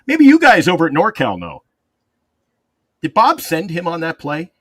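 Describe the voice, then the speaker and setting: A man's voice: fairly high pitch, wildly swooping pitch, moderate pace, dry recording. A man panelist on a sports talk show, ranting in an exasperated, rambling way with restarts, calling in from a hot room. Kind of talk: animated sports fan rant.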